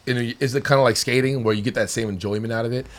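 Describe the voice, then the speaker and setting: A man's voice: medium pitch, steady tone, very fast. A man co-hosting a podcast in easygoing, casual chat.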